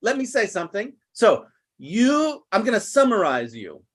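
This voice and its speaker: A man teaching an online English class over a video call, explaining slowly and patiently. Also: high voice, wildly swooping pitch, breathy edge. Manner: patient, slow, deliberate explaining.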